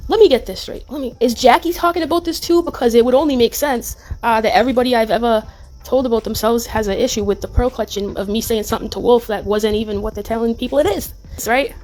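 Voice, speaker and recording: Blunt, animated woman ranting. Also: a little high, fast talker. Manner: animated, blunt, swears and laughs often. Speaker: YouTube commentary host. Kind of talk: casual livestream commentary.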